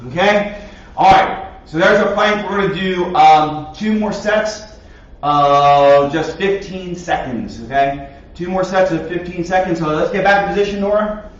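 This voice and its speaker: A man's voice: sits high, measured pace. A man, a martial arts instructor, leads a home PE class for kids, counting down reps and cheering them on while he works out himself. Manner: encouraging, counts reps aloud; exercising along while talking. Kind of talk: coaching a home workout class. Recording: echoey, distant, dull lo-fi room sound.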